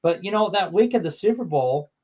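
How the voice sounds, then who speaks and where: A man co-hosting a casual sports talk show, relaxed, reading listener messages aloud with plenty of you knows. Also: high-pitched, fairly quick, poor audio. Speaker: co-host.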